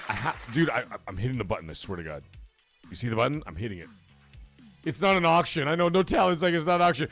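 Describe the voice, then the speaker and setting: A man hosting a late-night livestream, excitable and swearing a lot, getting out of breath as he swings from loud outbursts to low mumbling. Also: fast, over music, crowd noise. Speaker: livestream host. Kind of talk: casual late-night stream chat.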